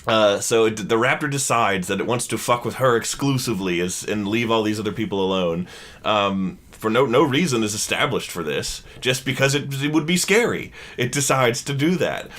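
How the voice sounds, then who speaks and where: A man's voice: lowish voice, lively intonation, moderate pace. A man co-hosting a comedy podcast, ranting profanely and exasperatedly about a bad movie in casual chat. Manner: profane, exasperated ranting that breaks into loud laughing outbursts. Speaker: podcast co-host.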